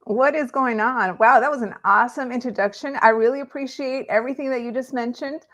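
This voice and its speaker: A woman's voice: on the high side, brisk, a bit bright. A woman from Los Angeles, a real estate agent and content creator, talking in a friendly, upbeat way as a guest on a live online show. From Los Angeles, California. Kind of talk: conversational interview.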